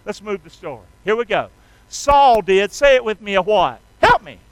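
A man's voice: sits high, very animated, normal speed, dry recording, rough recording. A man preaching a sermon in a folksy, emphatic way, drawing the congregation into call-and-response. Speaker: pastor.

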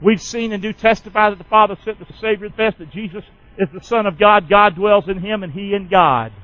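Man pastor, high voice, folksy call-and-response sermon, muffled lo-fi recording. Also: a little fast, no room sound.

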